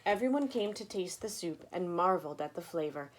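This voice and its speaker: A woman reading a children's story aloud, expressive and inviting listeners to join in. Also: lowish voice, fairly quick.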